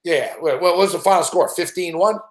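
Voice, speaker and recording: Male sports host, slightly high voice, loud profane ranter, echoey room. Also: a little fast. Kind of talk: profane sports betting rant show. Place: indoor home studio.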